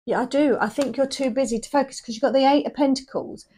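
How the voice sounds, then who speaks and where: A woman's voice: high voice, fast talker, warm tone, breathy edge. A woman giving a casual tarot reading, chatty and rambling, often checking in with "yeah?". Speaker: tarot reader.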